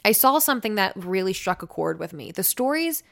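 A woman's voice: mid-range voice, big pitch swings, a little fast, creaky. A young woman in casual podcast conversation, telling a long-winded story and acting out the people in it. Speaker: podcast guest, radio personality.

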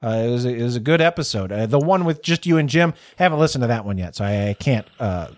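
A man co-hosting a podcast in casual chat, talking haltingly with many fillers and restarts. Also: mid-range voice, lively intonation, a little mellow, no room sound. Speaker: podcast co-host.

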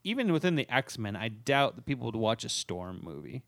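A man's voice: medium pitch, big pitch swings, moderate pace, creaky, a bit bright, no echo, studio quality. A man co-hosting a podcast in casual chat, chatty and full of filler words. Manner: chatty, heavy use of "like".

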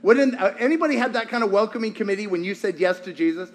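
A man preaching a sermon to a congregation, telling stories with animated, acted-out quotes. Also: high-pitched, fast talker, hardly any pauses, noisy background. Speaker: pastor.

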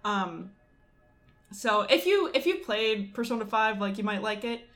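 A woman's voice: mid-range voice, measured pace. Chatty young woman ranting casually. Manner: rambling, animated, filler-heavy ranting. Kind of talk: casual chat.

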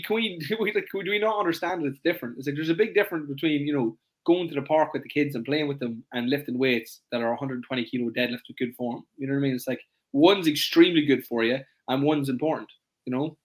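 A man hosting a casual podcast chat, his pitch sitting a touch higher than most men's. He talks at a rapid clip, leaning on "it's like" and slipping into voices to act out his clients. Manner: fast, animated, acts out clients in quoted voices; leans on "it's like" a lot. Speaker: fitness coach and podcast host.

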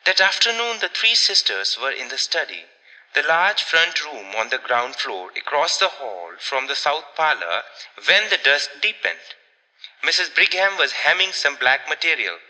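A man narrating an old story aloud in a measured, expressive way. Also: fairly high pitch, long reverb tail, poor audio. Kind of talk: audiobook narration.

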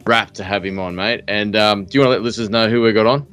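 A man's voice: lowish voice, fairly even intonation, fast talker, a bit bright, clean tone, soft background music. A man hosting a casual podcast interview, chatty and joking, with mock-formal introductions. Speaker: podcast host.

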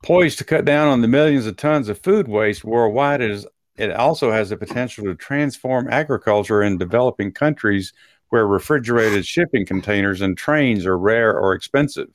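A man co-hosts a relaxed talk show from a dry, close-sounding spot, his voice on the low side. He reads news stories aloud, stumbling now and then and breaking off to joke. A Texan accent sometimes shows through. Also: moderate pace, no echo. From Texas. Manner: reads articles aloud with asides and chuckles. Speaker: co-host. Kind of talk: casual talk show chat, reading news items.

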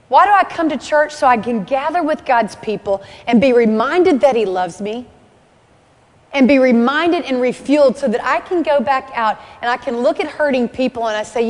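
A woman's voice: high voice, lively intonation, moderate pace. A woman delivering an earnest sermon at a church service, repeating key phrases and building to emphatic peaks. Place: church hall. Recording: long hall reverb.

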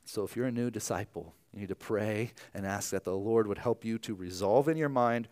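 A male preacher from Ohio giving a sermon. His voice swings between quiet, almost whispered lines and loud, energetic emphasis. The delivery stays lively and conversational. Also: on the low side, fairly quick, hardly any pauses. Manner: animated, dropping to hushed tones. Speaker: pastor.

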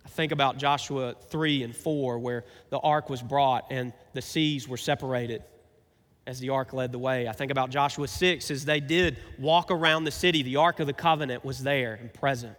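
A man's voice: medium pitch, fairly even intonation, moderate pace, a bit bright, in a large hall. A man preaching a sermon as pastor, talking conversationally and asking his listeners rhetorical questions.

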